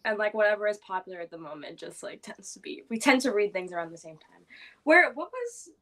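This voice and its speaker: A woman's voice: medium pitch, big pitch swings, a little fast, a bit bright. A young woman guest on a reading livestream, rambling casually with lots of fillers. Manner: chatty, rambling with many fillers. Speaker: guest book vlogger. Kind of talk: casual chat.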